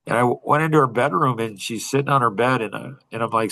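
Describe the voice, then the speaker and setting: A middle-aged man leading a coaching group, telling a personal story in a casual, animated way with frequent laughter. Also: mid-range voice, fast, vocal fry, hardly any pauses.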